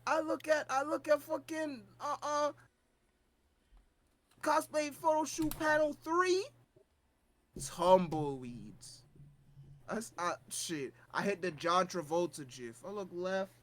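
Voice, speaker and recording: A podcast co-host telling a convention story in casual chat, animated and profane, jumping between loud bursts and low mutters. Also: slow pace, pauses often.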